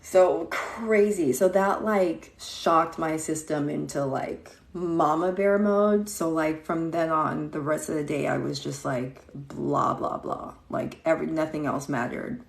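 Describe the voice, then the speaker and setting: Slow-talking gravelly woman livestreaming. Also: deep voice, fairly even intonation. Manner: chatty, greets viewers mid-story, acts out quotes. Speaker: livestream host. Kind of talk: casual livestream storytelling. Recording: echoey room.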